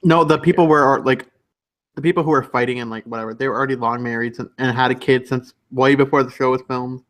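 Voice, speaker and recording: A man's voice: mid-range voice, steady tone, quick pace. A man chatting on a livestream, telling gossipy stories and laughing often. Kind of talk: casual chat on a livestream.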